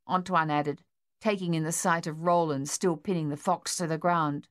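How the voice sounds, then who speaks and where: Female audiobook narrator, low-pitched and steady. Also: moderate pace.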